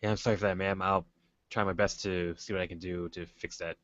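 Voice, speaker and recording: A man's voice: low-pitched, level tone, brisk, fairly bright tone, dry recording, highs cut off. A male player role-playing a guard lieutenant, hesitant and unsure, in a tabletop game. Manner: hesitant, uncertain.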